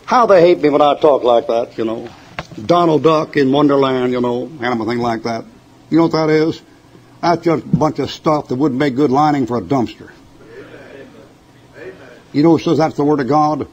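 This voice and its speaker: An older man delivers a fiery, folksy sermon to a church congregation, mocking his opponents and laughing at his own joke stories. His medium-pitched voice is slightly mellow, moving at normal speed with long pauses. The dull lo-fi sermon tape carries a faint hiss or hum.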